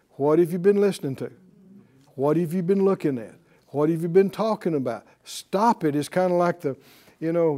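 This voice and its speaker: A man preaching a sermon, quoting scripture, laughing at his own asides and acting out small dialogues. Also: high-pitched. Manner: lively, laughing asides, quotes scripture, acts out little dialogues.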